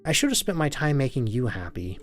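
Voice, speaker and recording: A man's voice: mid-range voice, big pitch swings, brisk, faint music behind, close to an everyday voice. A man doing a weary, remorseful husband. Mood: subdued.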